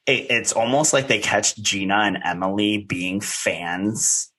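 A man's voice: lowish voice, a little slow, bright, forceful tone, breathy edge. A man co-hosting a podcast, gushing and rambling about a reality show with many fillers. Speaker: podcast co-host.

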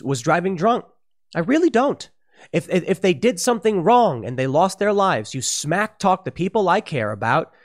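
A man talks straight to his audience in an opinion commentary, pressing every point hard and circling back to repeat words when he gets heated. His voice sits a little high for a man. His pitch swings widely through each phrase. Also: fairly bright tone. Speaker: online political commentator.

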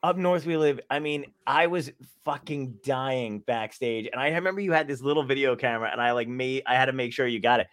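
A man's voice: medium pitch, fairly quick, a bit bright, no echo, clean studio sound. A male comedian hosting a podcast, bantering casually, laughing a lot and swearing freely.

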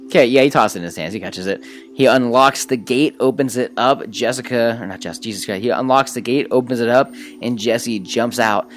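A man's voice: mid-range voice, brisk, faint music behind. A man running a tabletop game as game master, narrating in a loose, profane, joking way. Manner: loose, profane, laughing often.

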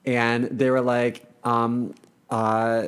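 A man's voice: mid-range voice, completely flat delivery, very slow, fairly bright tone, clean tone. A young man co-hosting a podcast, telling candid, rambling stories in casual chat with lots of fillers. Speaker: podcast co-host.

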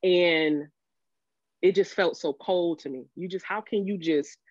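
A woman guest on a podcast telling the story of her marriage and divorce, emotional and halting, with many restarts, rising sharply when she quotes herself. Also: fairly low pitch, darkish tone, no room sound. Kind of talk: candid storytelling about a marriage. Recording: dull lo-fi audio.

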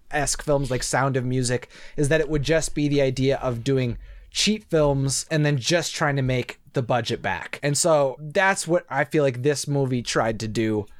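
A man co-hosting a podcast, explaining at length in casual chat with many fillers and restarts. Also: medium pitch. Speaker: podcast co-host.

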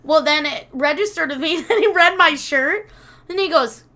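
A woman in her thirties chatting casually as a podcast co-host, telling animated stories, laughing often and swearing freely. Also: high voice, moderate pace. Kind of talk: casual chat.

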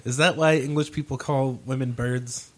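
A man's voice: mid-range voice, steady tone, normal speed, a crowd in the background. A young man on a podcast, making wisecracks in casual chat.

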